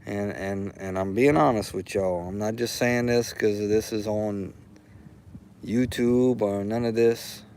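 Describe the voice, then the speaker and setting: A man's voice: on the low side, steady tone, unhurried, darkish tone, slight background noise, poor audio. Louisiana man chatting on a livestream. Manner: rambling, heartfelt, repeats himself. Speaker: livestream host. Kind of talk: casual livestream chat. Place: outdoors.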